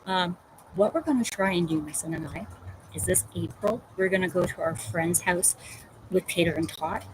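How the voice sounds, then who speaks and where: A woman hosting a casual crafting livestream, telling animated stories about her pet and reading out viewer comments. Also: fairly low pitch, moderate pace, a little hiss or hum, poor audio. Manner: chatty storytelling, animated. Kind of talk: casual chat.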